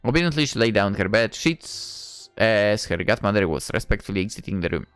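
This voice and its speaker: A woman's voice: a bass voice, animated, a little fast, smooth, no echo, soft background music. A woman reading a story game aloud, narrating and throwing in sarcastic, swearing asides. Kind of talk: game playthrough narration and commentary.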